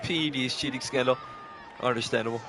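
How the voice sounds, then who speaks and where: A man's voice: medium pitch, fairly even intonation, fast, crowd noise. A young man calling play-by-play on a live stream, switching between announcer-style calls and casual chat with viewers, short on sleep.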